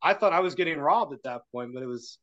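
A man's voice: a little high, fast, highs cut off. A man, a podcast guest, telling a story in a casual way and acting out the voices of the people in it. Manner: animated, acts out the voices in his story.

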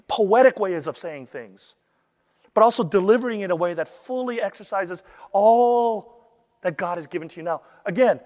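A man teaching how to deliver a sermon, lively and acting out the voices he quotes. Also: high voice, in a large hall. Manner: animated, acts out quoted voices. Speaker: preaching instructor.

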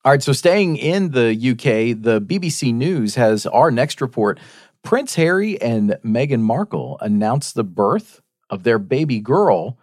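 A man's voice: medium pitch, darkish tone, dry recording, studio quality. A man hosting a faith-based news talk show, reading news stories aloud and chatting with his co-hosts.

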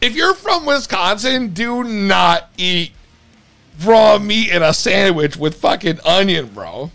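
Brief: podcast host, man, high and lively voice, laughs a lot, slangy, swears. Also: slow, vocal fry, faint music behind. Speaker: podcast host taking calls. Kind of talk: casual chat.

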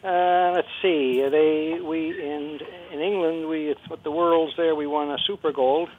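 A man who makes cheese, a guest on a casual interview, with a slightly high voice. He answers modestly and haltingly, filling pauses with "uh." He comes through a tinny phone line with a faint hiss behind him. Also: fairly even intonation.

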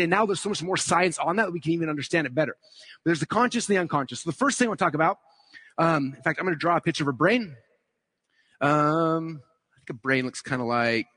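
A man giving a live conference talk, teaching quickly and checking in with "okay?" and "right?" as he draws on slides. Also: fairly high pitch, a bit bright, breathy edge, no echo. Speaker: speaker at a conference.

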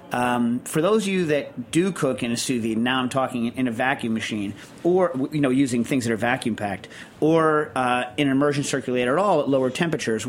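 A man co-hosting a casual chat podcast, rambling and ranting with lots of fillers and self-deprecating asides. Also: medium pitch. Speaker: podcast co-host.

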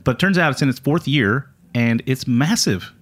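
A man hosting a podcast, telling stories in a casual chat with a co-host, chuckling and trailing off low at the ends of lines. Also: expressive, moderate pace. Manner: storytelling, chuckling, drops to a low mumble at line ends.

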